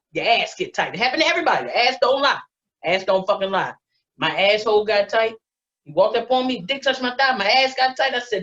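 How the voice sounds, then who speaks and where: A woman doing a stand-up set, telling a profane, animated story. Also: mid-range voice, fairly quick. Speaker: stand-up comedian. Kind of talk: stand-up set on a video call. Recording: dull lo-fi online audio.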